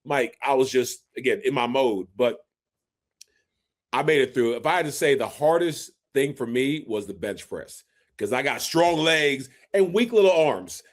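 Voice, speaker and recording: Animated male podcast host telling stories. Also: medium pitch, moderate pace. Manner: animated storyteller, acts out quotes. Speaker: podcast co-host, former NFL fullback. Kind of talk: casual sports podcast chat.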